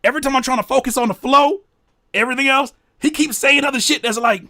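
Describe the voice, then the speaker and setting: A man hosting a casual reaction commentary, talking in an animated, incredulous way that jumps high when he is baffled. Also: fast talker, no room sound, clean studio sound. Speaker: reaction video host.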